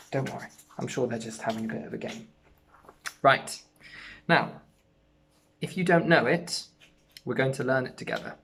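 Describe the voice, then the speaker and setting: A primary school music teacher giving an online lesson to young children, speaking gently and encouragingly. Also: mid-range voice, vocal fry, a little hiss or hum.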